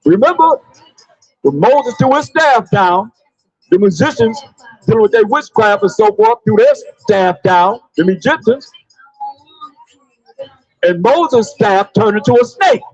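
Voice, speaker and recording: A man preaching loudly outdoors on a city sidewalk, calling out verses for a reader to read. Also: high voice, lively intonation, measured pace, pauses often, husky, highs cut off. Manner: loud, preachy, calls on a reader and repeats the verses. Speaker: street preacher. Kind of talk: open-air street preaching.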